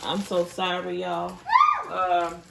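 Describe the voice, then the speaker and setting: Chatty mom cooking in a sizzling kitchen. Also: female voice, on the low side, monotone, takes it slowly, gravelly, reverberant, recorded from a distance. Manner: chatty, apologetic, laughs at her own mistakes. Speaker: home cook, mother. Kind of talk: casual cooking vlog. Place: home kitchen. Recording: voice a little off-mic, noisy kitchen. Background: sizzling frying pan and clicks.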